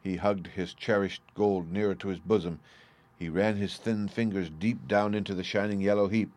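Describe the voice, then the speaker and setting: A man narrating a storybook in a measured way, slowing down on speech tags. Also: low voice, fairly even intonation, a little mellow.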